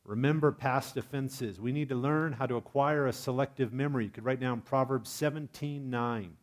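A man preaching a sermon in a lively, humorous way, asking his congregation questions. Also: medium pitch. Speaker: pastor.

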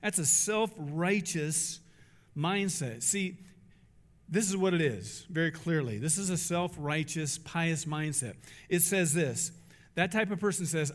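A man's voice: fairly high pitch, unhurried, long reverb tail. A man preaching a sermon, emphatic, asking rhetorical questions and acting out quotes. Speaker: pastor.

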